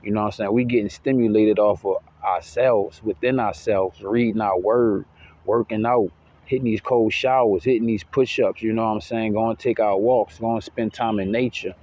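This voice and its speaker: A man's voice: on the low side, fairly even intonation, moderate pace, a little mellow. A man giving a slangy, preachy motivational monologue, repeating himself and checking in with the listener constantly. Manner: slangy, repeats "you know what I'm saying"; preachy, hyped, repetitive. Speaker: self-help vlogger. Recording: dull lo-fi audio with faint noise.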